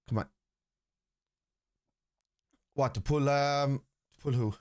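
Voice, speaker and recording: A man's voice: medium pitch, a little slow, pauses often, darkish tone, dry recording, studio quality. A middle-aged man hosting a football watchalong, talking casually and bluntly while reading out and answering viewers' comments. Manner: blunt, combative with chat, reads comments aloud. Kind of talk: casual live-stream chat.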